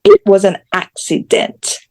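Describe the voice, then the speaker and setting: A woman's voice: measured pace, a little mellow. A woman from Jamaica, a guest in an interview, talking candidly and bluntly with self-deprecating humor. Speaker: guest, social media creator.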